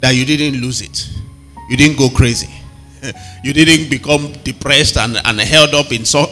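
A man delivers an evening sermon to a live and online congregation, his voice bright and ringing. He preaches emphatically, repeating his phrases and pausing for the listeners to answer back, with faint music playing under him. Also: medium pitch, fairly even intonation.

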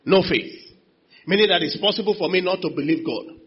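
A man preaches a sermon in a high, husky voice. He keeps calling out to the congregation for answers and moves between soft asides and loud bursts. The sound is dull and lo-fi. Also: brisk. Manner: calls out to the congregation for responses, shifts from quiet to loud. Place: church.

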